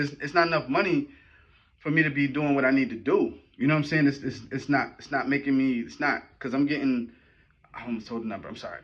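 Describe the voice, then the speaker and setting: A man hosting a podcast, telling a personal story in a casual, animated and slangy way, often checking in with his listeners. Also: medium pitch, muffled recording. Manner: animated, slangy, rambling with frequent "right?" and "you know what I'm saying". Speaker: podcast host.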